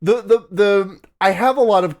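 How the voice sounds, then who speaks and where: A man's voice: sits high, normal speed, darkish tone. A man co-hosting a podcast, recapping an anime in casual chat with rambling, joking asides. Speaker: podcast co-host.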